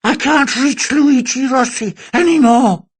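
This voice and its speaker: A menacing caller with a slurred, metallic, abnormally shrill voice. The voice sits very high and creeps along in slow, drawn-out threats, with a husky edge. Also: male voice, exaggerated voice.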